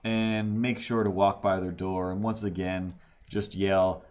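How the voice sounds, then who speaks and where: Slow, low-voiced man rambling on stream. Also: little pitch movement, a little mellow. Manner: rambling storytelling with frequent restarts and laughs. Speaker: livestreaming artist. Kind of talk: casual livestream chat while drawing.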